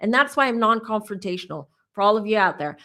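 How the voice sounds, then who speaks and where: A woman in her forties hosting a psychic channel, telling a personal story in a chatty, animated way with asides to her viewers. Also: mid-range voice, fast talker. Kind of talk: casual storytelling to camera.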